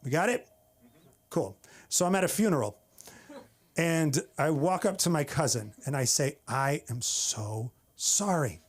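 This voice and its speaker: A man's voice: on the high side, animated, moderate pace, long pauses. A man from the Bay Area, doing a wry, exasperated open-mic stand-up set on a comedy club stage. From San Francisco Bay Area. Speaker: stand-up comic.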